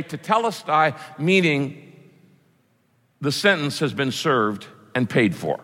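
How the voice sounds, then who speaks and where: A man's voice: a little high, sharp tone, big-room sound. A man preaching a sermon as pastor, emphatic and repeating key phrases for weight.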